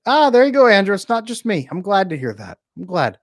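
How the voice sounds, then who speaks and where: Speaking in a high, very animated voice, a man who coaches people on relationships reads out viewer comments in a relaxed livestream. He's chatty and joking, laughing at the drop of a hat, in a home room with a bookshelf behind him. The recording is dry and of studio quality.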